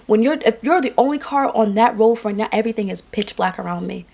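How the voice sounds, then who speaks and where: A woman's voice: medium pitch, animated, fast, gravelly, mellow. A young adult woman from New York tells a personal story to camera in a candid, emotional, conversational way, indoors at home. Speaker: vlogger. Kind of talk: casual storytelling vlog.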